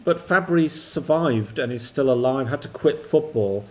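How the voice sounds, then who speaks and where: An older English man, the co-host and father of the streamer, chatting slowly and reflectively about football on a live stream. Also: medium pitch. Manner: slow, relaxed, reflective, chuckling.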